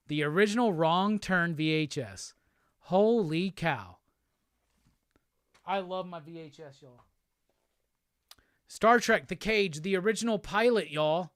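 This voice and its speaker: A male host chatting casually on a livestream while unboxing gifts, excitable and profane. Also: high-pitched, takes it slowly, pauses often, smooth, dry recording, clean studio sound.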